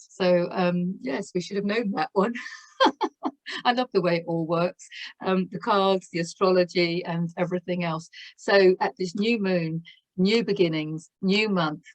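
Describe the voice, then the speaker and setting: A woman with a voice of ordinary middle pitch, talking warmly and effusively through a spiritual tarot reading. She exclaims in wonder and laughs often between her points. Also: rough recording. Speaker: tarot reader.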